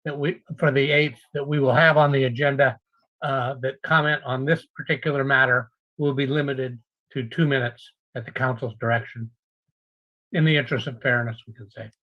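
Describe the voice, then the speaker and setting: A man advising a city council in a measured way on procedure. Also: mid-range voice, steady tone, lo-fi sound. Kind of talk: council meeting discussion.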